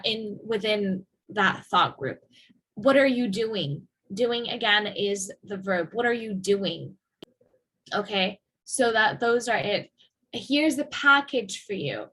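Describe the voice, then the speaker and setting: A woman lecturing to her class in a bright, sharp voice. She explains step by step and speaks each example sentence with a clear stress on its key word. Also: mid-range voice, rough recording. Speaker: teacher.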